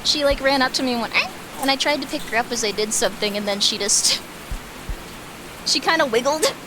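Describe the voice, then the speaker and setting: A woman's voice: high-pitched, fairly quick, background noise. A woman streamer chatting casually from home, rambling with lots of filler words and small laughs. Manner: giggly, breaks into small laughs. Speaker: streamer host. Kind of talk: casual live-stream chat. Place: home room with her cats.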